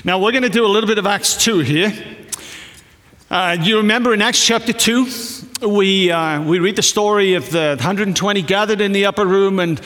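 A man's voice: high voice, normal speed, fairly bright tone. A man, a pastor, introducing guests to his congregation in a conversational, joking way. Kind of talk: church service introduction. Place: church hall. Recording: long hall reverb.

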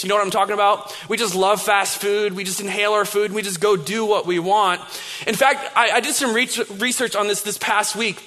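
High-voiced man preaching in a reverberant hall. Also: fairly even intonation, fairly quick, bright, forceful tone. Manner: conversational storytelling with many restarts. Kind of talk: sermon. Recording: long reverb of a large hall.

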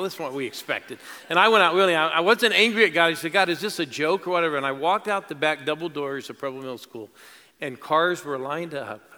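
A middle-aged man preaching from the pulpit, his voice bright and forceful as it rolls through a big reverberant church hall. He tells his stories with feeling, swinging from hushed moments to loud calls, with a faint congregation behind him. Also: fairly high pitch. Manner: emotional, storytelling with rising exclamations. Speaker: pastor. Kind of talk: sermon. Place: large church auditorium.

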